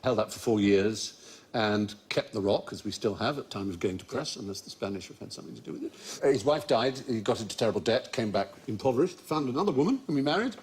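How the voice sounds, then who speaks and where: Wry, lively-voiced male quiz host. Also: medium pitch, fast talker, slight background noise. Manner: wry, erudite storytelling with asides. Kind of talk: comic panel show banter.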